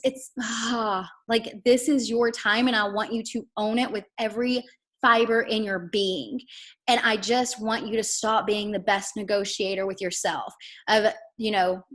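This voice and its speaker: A woman giving an earnest, emphatic motivational training to her team over a video call, with apologetic asides. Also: a little high. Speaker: network marketing team coach.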